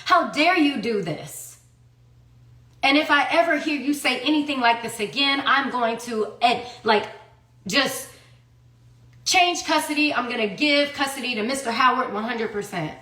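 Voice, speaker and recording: A woman's voice: high-pitched, expressive, unhurried, pushed and bright, exaggerated voice. A woman imitating a stern male judge who scolds and threatens. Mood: scolding. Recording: roomy echo.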